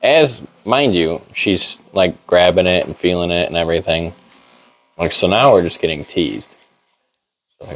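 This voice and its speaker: A man's voice: low voice, a little slow, a bit bright, low-quality recording. A young man casually telling a long story in a barbershop, laid-back and full of "like". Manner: rambling, laid-back, heavy on "like".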